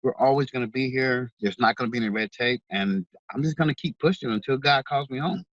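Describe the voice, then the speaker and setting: Speaking fast in a mid-range voice with a touch of brightness, this veterans charity organizer and author answers as an interview guest. His manner is earnest and heartfelt, marked by repeated words, and the recording is dry with dull audio.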